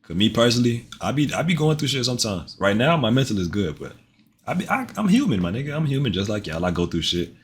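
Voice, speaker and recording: A man's voice: mid-range voice, sing-song, fast, slight background noise. A man streaming live, commenting on a video in a loose, joking and profane way, often repeating himself.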